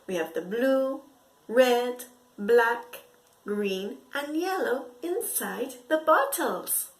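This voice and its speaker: A woman teaching to preschool children through a story, speaking in an exaggerated, expressive way with gasps and whispered asides. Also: on the high side, extremely slow. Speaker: English teacher for young children.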